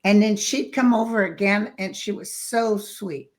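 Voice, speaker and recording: A woman guest telling stories in casual chat, lively and acting out the voices of people she quotes. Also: mid-range voice, measured pace. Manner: lively storyteller who acts out quoted voices.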